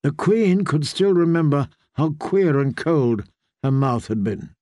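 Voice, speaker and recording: A man reading a fantasy novel aloud in measured storytelling narration. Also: on the high side, expressive, mellow, no echo, clean studio sound. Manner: measured storytelling, voicing characters. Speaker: audiobook narrator.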